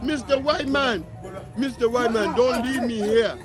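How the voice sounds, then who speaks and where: A man voicing a stray dog that pleads to be taken along, in a high, whiny begging voice. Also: measured pace, over loud music, over a noisy crowd. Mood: pleading.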